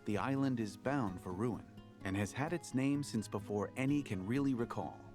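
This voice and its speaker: A man's voice: medium pitch, moderate pace, darkish tone, lightly acted. A man voicing the narrator of a video game, reading the tale as a theatrical game master over faint music. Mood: storytelling. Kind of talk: scripted storybook narration.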